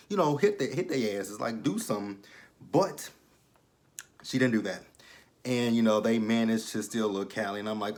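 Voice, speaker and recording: Young guy ranting through a tv episode recap at home, lots of cussing, does little voices for the characters, middle-pitched voice. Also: a little fast. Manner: animated, profane, acts out the characters' lines. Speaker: TV episode reviewer. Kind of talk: casual recap and commentary.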